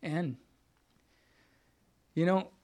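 A man's voice: fairly high pitch, drawn-out words, darkish tone. A middle-aged man giving a casual, heartfelt recovery testimony, often repeating phrases and calling listeners "man.". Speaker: speaker sharing at a recovery meeting.

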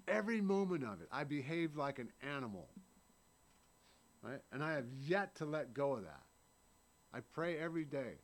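At a recovery meeting, a man in his thirties shares his personal story in an earnest, blunt way, often ending lines with "right?" and swearing now and then. His voice sits on the high side.

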